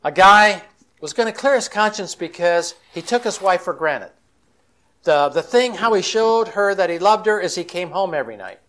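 A man's voice: high-pitched, animated, moderate pace, fairly bright tone. A man speaking as a Christian counselor at a conference, telling stories in a folksy, chatty way and acting out the quotes. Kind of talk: storytelling conference talk.

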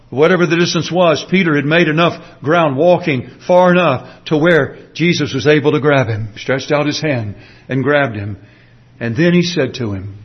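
A man preaching a sermon, explaining a passage earnestly and slowing down to stress his points. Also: fairly high pitch, dull audio. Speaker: pastor.

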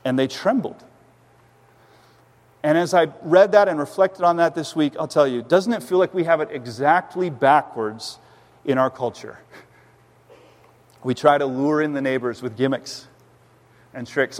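A man's voice: on the high side, moderate pace, pauses often. A man, a pastor preaching a sermon in a church, earnest and emphatic with frequent restarts. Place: church sanctuary. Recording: long hall reverb.

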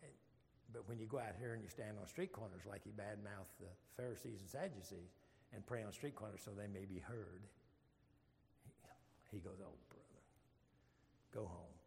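A man's voice: lowish voice, moderate pace, gravelly, a little mellow, in a large hall, a little hiss or hum. A man leading an informal Bible study, folksy and joking, with rambling asides.

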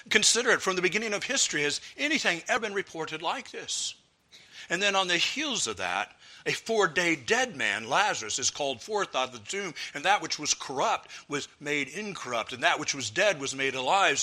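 A man preaching a sermon, moving from loud, ringing exclamations down to hushed, quiet passages. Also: mid-range voice.

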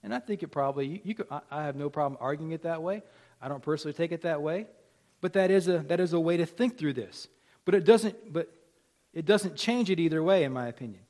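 A man preaching a sermon in a church, animated, swinging between loud emphasis and hushed asides. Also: fairly high pitch, fast. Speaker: pastor.

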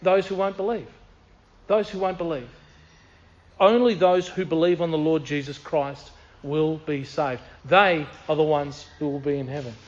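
Male preacher, earnest and emphatic, reads scripture, slightly high voice, dull recording. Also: normal speed. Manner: earnest, emphatic, repeats key phrases. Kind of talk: sermon with scripture reading.

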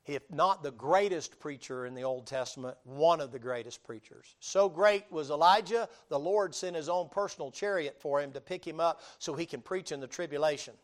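A man preaching a sermon, telling the story in a lively, colloquial way and acting out the people he quotes. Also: fairly high pitch, moderate pace, hardly any pauses. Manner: animated storytelling with colloquial drawl, dramatic quoted voices, laughs.

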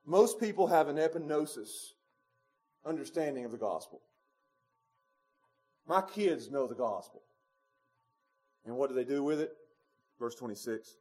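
A man, preaching a sermon in a church, moving between quiet low passages and loud emphatic peaks with chuckles. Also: animated, a little slow, long pauses, faint music behind. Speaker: pastor. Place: church sanctuary.

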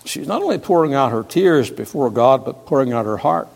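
A male pastor preaching a sermon, moving from hushed, quiet passages to loud, emphatic ones and repeating key words. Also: medium pitch, lively intonation, a little fast, gravelly. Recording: long reverb of a large hall.

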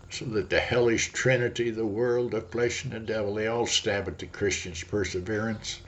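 A man preaching a devotional sermon in a slow, dramatic delivery. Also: on the low side, level tone, slight background noise. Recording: dull lo-fi audio.

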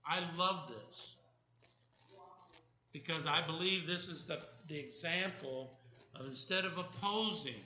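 A pastor preaching a sermon, animated and firing questions at his congregation. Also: a little high, measured pace, long pauses, roomy sound, muffled recording.

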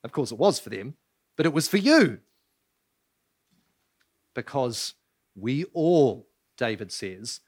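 A man's voice: mid-range voice, very animated, takes it slowly, long pauses, slightly rough. A man preaching a sermon as pastor, asking rhetorical questions and pressing his points with emphasis. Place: church.

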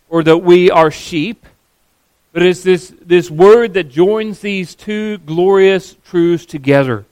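A man preaching a sermon, earnest and emphatic, slowing down to stress key words. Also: high voice, darkish tone, clean tone, no room sound.

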